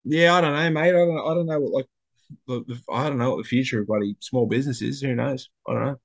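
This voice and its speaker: A man's voice: medium pitch, fast talker, creaky. A young man in casual chat, a rambling storyteller full of slang and restarts.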